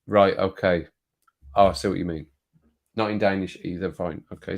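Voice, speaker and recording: A man's voice: low voice, steady tone, normal speed, vocal fry, long pauses. A man hosting a casual live stream, chatting and reading viewer comments aloud with frequent laughter.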